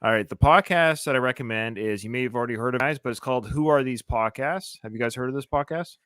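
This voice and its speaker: A man's voice: medium pitch, fast talker, fairly bright tone, dry recording. A man co-hosting a podcast, chatting casually and enthusiastically recommending things with plenty of fillers. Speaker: podcast co-host. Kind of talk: casual chat.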